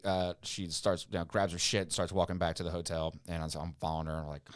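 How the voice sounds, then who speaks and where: Um homem jovem, convidado de podcast, contando uma história comprida e cheia de recomeços num papo descontraído. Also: male voice, deep voice, steady tone, fast talker, smooth, no room sound. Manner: rambling storyteller acting out quotes. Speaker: podcast guest. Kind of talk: casual podcast chat.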